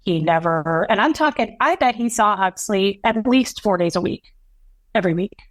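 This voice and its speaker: Woman in her 30s telling a rough personal story, lots of restarts, dry close mic. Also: medium pitch, lively intonation, dry recording. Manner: earnest, halting, full of restarts and quoted dialogue. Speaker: podcast guest.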